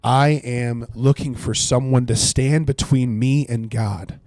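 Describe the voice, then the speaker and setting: Gravelly earnest man reading scripture. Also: mid-range voice, steady tone, a little mellow, dry recording. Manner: earnest, reads scripture slowly, thanks chat viewers. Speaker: Bible study streamer. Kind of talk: livestream Bible study commentary.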